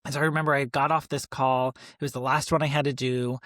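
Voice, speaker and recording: A man's voice: medium pitch, quick pace, no room sound. Man podcast co-host telling stories, dry. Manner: storytelling, animated when quoting others. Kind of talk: casual chat.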